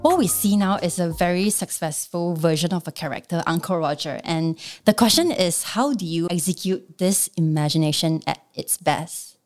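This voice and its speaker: Low-voiced woman host over faint music. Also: normal speed, hardly any pauses, darkish tone. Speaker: podcast host. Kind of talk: interviewing and reading an ad.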